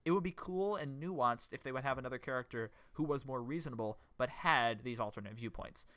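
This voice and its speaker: A man's voice: mid-range voice, fairly quick, fairly bright tone, dry recording. A man co-hosting a casual podcast chat, talking ideas through in a thoughtful, analytical way. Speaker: podcast co-host.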